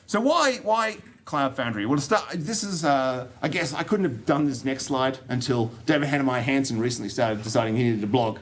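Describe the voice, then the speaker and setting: A man's voice: mid-range voice, lively intonation, fairly quick, few pauses. An Australian man giving a technical talk to an audience, joking and rambling with plenty of fillers and restarts. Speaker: conference speaker. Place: conference room.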